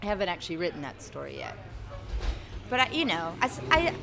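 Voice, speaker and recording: A woman's voice: on the low side, very animated, fast, vocal fry, background noise. A young adult woman author in an interview, talking in a rambling, hesitant way full of fillers and restarts. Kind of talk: conversational interview.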